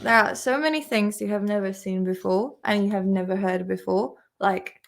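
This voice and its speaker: A woman's voice: medium pitch, normal speed, creaky. A woman English teacher in a casual live-stream vocabulary lesson, chatty and laughing often. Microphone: desk camera mic on a makeshift stand.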